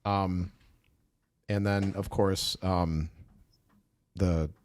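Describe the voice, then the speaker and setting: A man's voice: low-pitched, fairly even intonation, extremely slow, a little mellow, no room sound. A man from Wisconsin hosting a podcast, musing through questions with frequent restarts. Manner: musing, hesitant, with many restarts. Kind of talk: conversational podcast interview.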